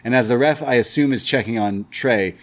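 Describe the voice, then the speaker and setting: A man co-hosting a wrestling review podcast, recapping matches in casual chat and acting out quoted lines in lively bursts. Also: medium pitch, brisk.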